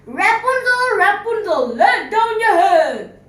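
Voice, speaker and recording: A woman's voice: very high voice, sing-song, pitched above the performer's own voice, full character voice. Woman playing a young prince calling out. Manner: loud, drawn-out calling. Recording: echoey room, distant mic.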